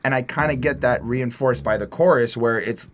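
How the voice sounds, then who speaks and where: A man's voice: mid-range voice, normal speed, slight background noise. A man co-hosting a podcast, chatting loosely through an album review and reading lyrics aloud. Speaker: podcast co-host. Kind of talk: casual album review chat.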